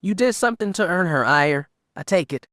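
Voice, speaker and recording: A man reading an audiobook, voicing a cold, commanding female Sith lord who speaks in clipped orders, his voice raised well above its usual pitch. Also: animated, fairly quick, fairly bright tone, dry recording, studio quality.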